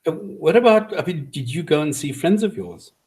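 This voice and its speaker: A man hosting an interview, asking questions in a measured, slightly hesitant way. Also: a little high, lively intonation, darkish tone. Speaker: host. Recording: voice distant from the mic.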